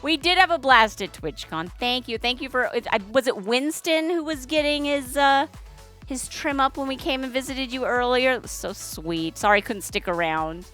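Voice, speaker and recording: A woman's voice: high voice, normal speed, a bit bright, faint music behind. A woman hosting her livestream in chatty, rambling casual talk, greeting viewers. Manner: chatty, rambling, trails off and restarts. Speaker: streamer host.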